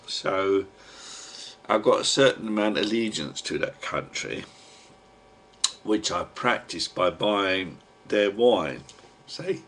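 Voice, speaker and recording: A man's voice: lowish voice, fairly bright tone. A man with a Cockney accent rambling to his webcam at home in a chatty, digressive way, full of slang and mild swearing. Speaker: webcam vlogger. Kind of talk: rambling casual monologue to a webcam.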